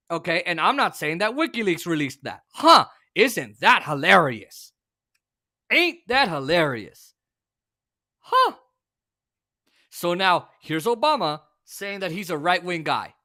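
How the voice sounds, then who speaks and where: A man's voice: high voice, expressive, normal speed, pushed and bright, no echo, studio quality. A man hosting a talk show, ranting about politics in a heated, profane way with stumbling restarts. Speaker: host. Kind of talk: political rant.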